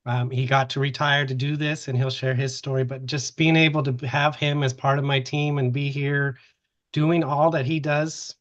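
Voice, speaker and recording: A man's voice: mid-range voice, level tone, normal speed, fairly bright tone. A man speaking off the cuff on a video call, caught off guard and rambling. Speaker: team instructor. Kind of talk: casual off-the-cuff remarks. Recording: dull lo-fi call audio.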